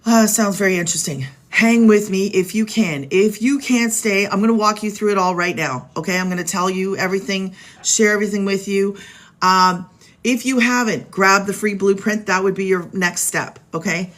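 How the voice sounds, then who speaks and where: A woman's voice: medium pitch, normal speed, fairly bright tone. A middle-aged woman hosting a casual live stream from home, chatty and upbeat, talking straight to her viewers and reading out their names. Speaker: live stream host selling online business programs. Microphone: phone.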